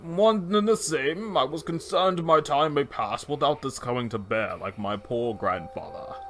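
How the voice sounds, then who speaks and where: A man voicing a serious old male sword keeper in a game playthrough, speaking in a formal, measured way. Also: fairly high pitch, fairly bright tone, soft background music. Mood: solemn. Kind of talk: video game voice acting.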